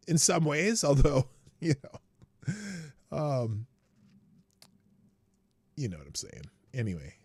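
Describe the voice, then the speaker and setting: A man's voice: high voice, gravelly, fairly bright tone, dry recording, studio quality. A man hosting a live stream, chatting casually and rambling, with frequent laughs and restarts. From United States. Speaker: livestream show host.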